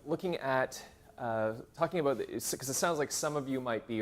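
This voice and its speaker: A man in his forties from Canada, giving a casual, self-deprecating workshop talk to graduate students with many fillers and restarts. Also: fairly low pitch. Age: 40s. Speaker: workshop presenter. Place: university seminar room.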